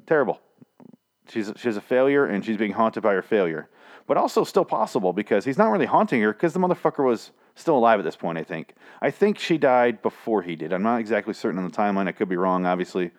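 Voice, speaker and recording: A man's voice: fairly low pitch, animated, fast talker. A man casually recapping a TV episode, swearing and sarcastic, rambling with lots of restarts. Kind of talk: casual spoken recap and review.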